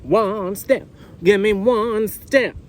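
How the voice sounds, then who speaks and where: A man giving an excitable, effusive tarot reading outdoors on a windy beach, often repeating words. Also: high-pitched, extremely slow, poor audio. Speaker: tarot reader. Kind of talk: casual tarot reading video. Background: wind and faint ambience.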